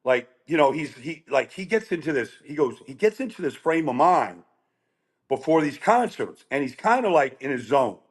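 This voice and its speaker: A middle-aged man telling animated, rambling stories as a guest on a chat show. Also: on the high side, moderate pace. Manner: animated, rambling with restarts and quoted voices. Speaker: guest storyteller. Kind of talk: casual storytelling chat.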